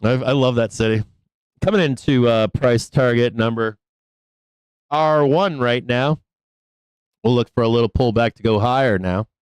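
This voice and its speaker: A man's voice: medium pitch, moderate pace, long pauses, clean tone, no echo, rough recording. Brash, profane male trading host. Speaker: live trading show host. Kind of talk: live trading stream chat.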